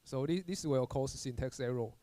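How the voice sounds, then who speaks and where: Halting male lecturer with a dry sound. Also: medium pitch, mellow, no room sound. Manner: halting, repeats words and restarts, many "uh" fillers. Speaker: university lecturer. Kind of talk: recorded programming lecture.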